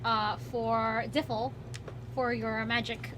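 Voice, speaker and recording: A woman with a slightly high voice plays at a tabletop game table. She is chatty and pauses a lot with fillers while weighing her moves. A clear background noise runs under her voice. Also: flat delivery. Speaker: player.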